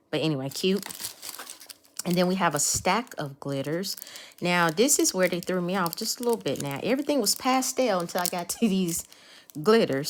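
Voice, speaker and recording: Chatty low-voiced woman unboxing. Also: slight background noise. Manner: chatty, talks to viewers as y'all. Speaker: nail art vlogger. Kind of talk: casual unboxing chat.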